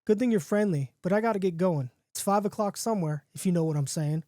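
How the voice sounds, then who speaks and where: A man's voice: high-pitched, fast, no echo, studio quality, close to an everyday voice. A man voicing a startled, folksy middle-aged man in his fifties who talks to a strange wolf on his way to the bar. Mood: folksy, coaxing. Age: 50s. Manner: folksy, excitable exclamations.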